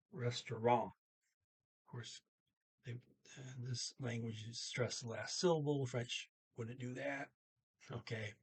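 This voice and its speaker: A man's voice: medium pitch, slightly rough. A man teaching a language lesson, thinking aloud with many fillers and restarts, speaking.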